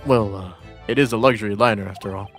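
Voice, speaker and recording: A man's voice: on the low side, fast, fairly bright tone, soft background music, close to an everyday voice. A man voicing an earnest, polite young male lawyer who hesitates and stumbles over his words. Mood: puzzled. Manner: hesitant, polite, lots of uh and pardon.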